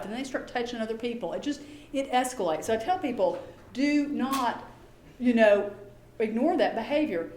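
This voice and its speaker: A middle-aged woman lectures on behavior with lively energy, slipping into voices to act out exchanges. Her voice sits a little high. The room is echoey with a faint hum behind her. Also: moderate pace. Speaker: behavior specialist. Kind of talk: conference lecture.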